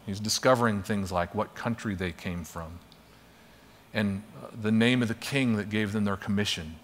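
Under long hall reverb, a man with a fairly low, slightly bright voice teaches a class by telling a parable. He narrates conversationally and acts out the quoted lines.

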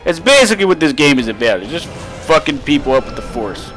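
A young man giving casual, rambling let's play commentary, swearing freely and breaking into sudden shouts. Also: on the high side, big pitch swings, brisk, soft background music. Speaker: gaming commentator.

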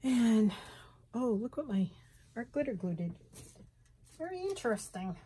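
A middle-aged woman with a slight Southern US lilt, chatting and thinking aloud as she works on a craft journal in her sunroom, with soft laughs. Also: a little high, sing-song, a little slow, a little hiss or hum. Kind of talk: casual craft tutorial chat. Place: home sunroom, indoors.

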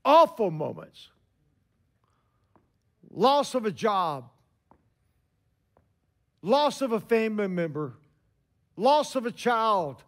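A man in his sixties preaching a sermon, telling stories with emphatic pauses. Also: sits high, sing-song, a bit bright.

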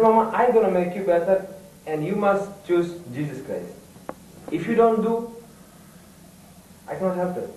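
A man recounts his faith testimony in halting, repetitive broken English with sudden emphatic bursts. His voice sits somewhat high. He sounds distant from the mic in an echoey room with a faint hiss behind him. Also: warm tone. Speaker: guest giving testimony.

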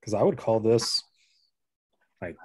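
Low raspy guy hosting a wine tasting on a video call, keeps stumbling and repeating himself. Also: lively intonation, a little mellow. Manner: halting, repeats words, laughs often. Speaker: host of a virtual wine tasting. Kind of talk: casual chat on a video call.

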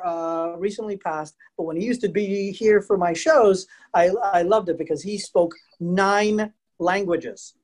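A high-voiced man gives a live virtual lecture for a museum program, chatty and animated, posing questions to his audience and telling stories. He's heard through a computer mic on a video call.

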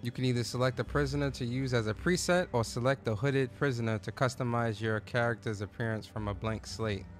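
A man's voice: mid-range voice, fairly quick, hardly any pauses, soft background music. A man streaming a game, chatting casually in slang and greeting viewers by name. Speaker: gaming streamer. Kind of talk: live let's play commentary.

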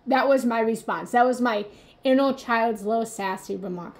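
A woman's voice: on the high side, steady tone, normal speed. A woman hosting a live motivational talk as a spiritual coach, speaking earnestly and confessionally and addressing her viewers directly.

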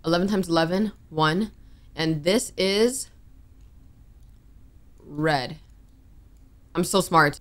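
A woman's voice: fairly low pitch, slow pace, long pauses. A young woman narrating her own horror game play, jumpy and nervous, reacting with gasps and worried asides. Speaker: gaming streamer. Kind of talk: let's play commentary.

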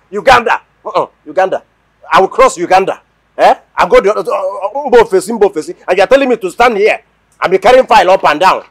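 A man's voice: sits high, dry recording. An actor with a Nigerian accent playing an impatient young man desperate to travel abroad, pleading and stammering. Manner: excitable, pleading, stammering repetitions. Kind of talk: film drama acting.

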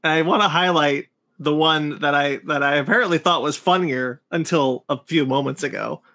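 High-voiced man giggling through stories. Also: normal speed, pushed and bright. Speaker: podcast co-host. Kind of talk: casual chat.

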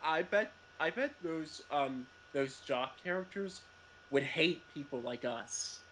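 A man on a casual fan podcast who talks haltingly and stumbles over his words. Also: fairly high pitch, animated, a bit bright, a little hiss or hum, rough recording.

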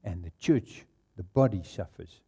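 South African pastor with a mellow voice. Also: male voice, sits low, measured pace, slightly rough. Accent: South African English. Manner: storytelling, laughing at his own anecdotes. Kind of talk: sermon. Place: church.

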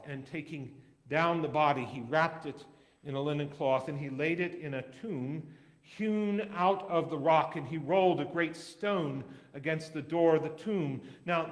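A man reading scripture aloud as a dramatic recitation in a church, measured, with wide swings in loudness. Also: a little high. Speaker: scripture reader.

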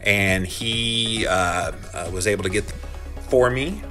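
A man's voice: on the low side, slow, music in the background. A man chatting casually on a live stream from his phone, talking straight to viewers and reading their comments aloud, his voice shaking from a vibration plate. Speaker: health podcaster livestreaming. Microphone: phone held while filming.

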